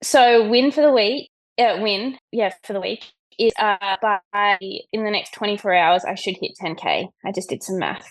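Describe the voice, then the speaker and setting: A woman with an Australian accent, chatting in a relaxed way on a group call. She talks loosely, with plenty of fillers and slang, at a mid-range pitch. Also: moderate pace, few pauses. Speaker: online coach on a mastermind call. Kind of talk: casual chat.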